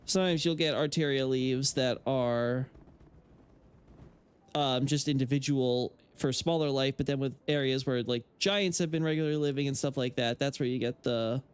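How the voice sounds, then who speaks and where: Playing on a live stream, a man rambles about game lore in a smooth, medium-pitched voice at normal speed. His casual chat is full of fillers and restarts, and his opinions are blunt.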